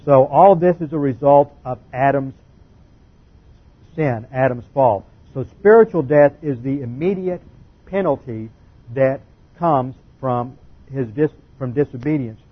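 A man with a slightly husky voice delivers a Bible lecture from the pulpit, slow and emphatic, leaning hard on key words. The recording is muffled and lo-fi. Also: medium pitch. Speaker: Bible teacher. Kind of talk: sermon-style Bible lecture.

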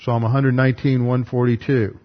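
A man's voice: medium pitch, flat delivery, a little fast, lo-fi sound. A man giving a methodical, numbered Bible lesson, reading verses aloud and then explaining them. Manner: methodical, reads scripture aloud between explanations. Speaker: Bible teacher.

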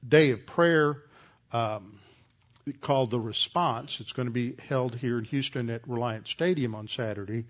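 Deliberate, emphatic preaching man. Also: mid-range voice. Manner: deliberate teaching with many "uh" pauses, rising to emphatic. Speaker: pastor. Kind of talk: expository Bible teaching sermon. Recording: slightly dull lo-fi recording.

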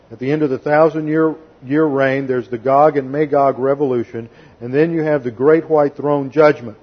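Fairly high-pitched and husky, this man's voice comes through lo-fi sound. He is a pastor teaching the Bible expositorily and methodically, reading verses aloud, explaining their Greek grammar, and now and then lending a quote a sarcastic voice.

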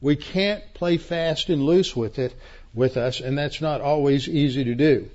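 A man's voice: on the high side, a little slow, darkish tone, muffled recording. Man teaching Scripture emphatically. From Texas. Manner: emphatic, repeats key words, frequent restarts. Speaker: pastor teacher. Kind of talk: expository Bible teaching.

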